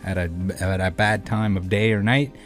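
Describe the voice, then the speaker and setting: Brief: male channel host, lowish voice, casual rambling commentary, faint music underneath. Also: steady tone, moderate pace. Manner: rambling, filler-heavy, blunt.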